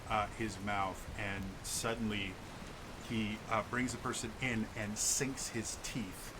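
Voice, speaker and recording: Game master, male, halting delivery with frequent stammers, clear background hiss. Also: on the low side, little pitch movement. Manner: halting, many repeated words and stammers. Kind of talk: narrating a tabletop game. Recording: noisy home mic.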